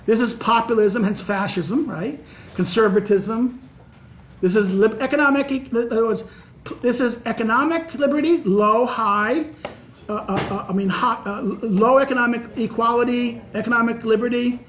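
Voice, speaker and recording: High-voiced man lecturing, muffled sound. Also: a bit bright, slight background noise. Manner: halting, many restarts and fillers, walks through diagrams. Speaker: political science professor. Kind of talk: classroom lecture. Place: classroom.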